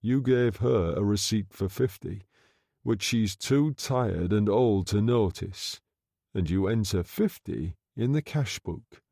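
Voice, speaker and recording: A man voicing a smooth-talking gangster undertaker who speaks low, soft and quietly threatening, in an audiobook reading. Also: slow pace, no echo, studio quality, full character voice. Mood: menacing.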